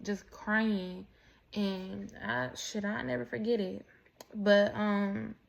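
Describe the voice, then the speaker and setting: Candid, rambling woman with a gravelly edge. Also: medium pitch. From Mexican heritage. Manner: candid, profane, rambling with many restarts. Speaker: vlogger. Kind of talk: casual storytelling monologue.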